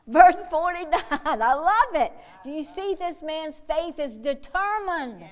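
A woman preacher with a high voice delivers a fervent sermon. She drops into hushed asides, then rises to loud, bold exhortation with whoops and hallelujahs. She keeps pressing her listeners to act. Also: animated, takes it slowly, hardly any pauses.

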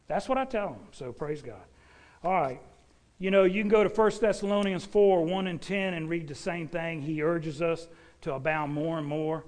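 An older man preaching a sermon in a folksy, animated way, talking straight to the congregation. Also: fairly high pitch, moderate pace. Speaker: pastor.

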